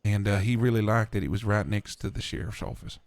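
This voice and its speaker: A man roleplaying a preacher, talking in a calm, measured, persuasive way. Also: fairly low pitch, creaky, crowd noise. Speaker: roleplayer voicing a preacher character. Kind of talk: in-character roleplay chat.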